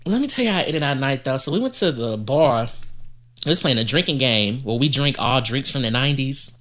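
Animated man telling stories casually. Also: mid-range voice, a little fast. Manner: animated, profane storytelling. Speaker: podcast co-host. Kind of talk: casual chat.

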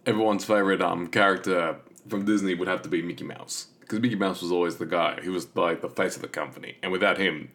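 A man's voice: deep voice, steady tone, fast, hardly any pauses, fairly bright tone. A man hosting a casual podcast, talking enthusiastically and rambling with many fillers. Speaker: podcast host.

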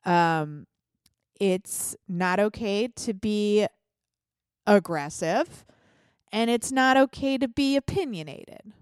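A woman's voice: medium pitch, darkish tone, no echo, clean studio sound. A woman hosting a solo podcast, chatty and blunt, with a voice congested from a sinus infection. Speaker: podcast host. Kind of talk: solo political podcast commentary.

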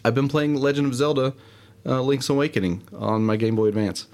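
A man's voice: medium pitch, fairly even intonation, a little fast, darkish tone. A man hosting a casual solo show, rambling and self-deprecating with many fillers. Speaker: podcast host. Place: home studio, alone.

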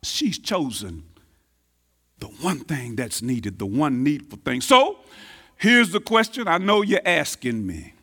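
A man preaching a sermon, repeating key phrases and swinging between booming emphasis and hushed asides. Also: sing-song, slow pace, slightly rough. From Texas, United States. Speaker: pastor.

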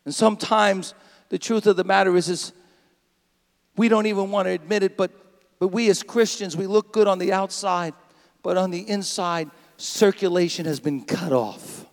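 Man, pastor, sermon, very high voice, dramatic preaching. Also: fairly even intonation, moderate pace, long reverb tail. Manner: dramatic preaching, acts out a bleating sheep. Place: church sanctuary.

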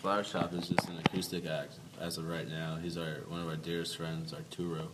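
A man's voice: low voice, flat delivery, brisk. A young man from a band, chatting casually in an interview, laid-back and laughing often. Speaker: band member guest. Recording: distant mic with noise.

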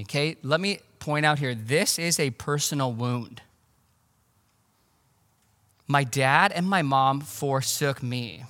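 A man preaching a sermon as pastor, conversational and animated, with casual asides. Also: medium pitch, slow, pauses often, in a large hall. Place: church.

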